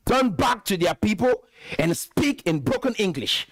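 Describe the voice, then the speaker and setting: High-voiced man lecturing with emphasis. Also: big pitch swings, moderate pace, no echo. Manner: emphatic, lecturing, repeats points. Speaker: host. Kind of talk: direct-to-camera commentary.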